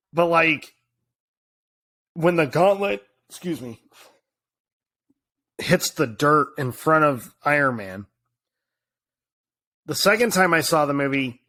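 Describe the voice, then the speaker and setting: A man in his thirties, co-hosting a podcast, telling stories in a casual, animated way with lots of fillers and restarts. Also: a little high, takes it slowly, pauses often. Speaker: podcast co-host. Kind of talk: casual chat.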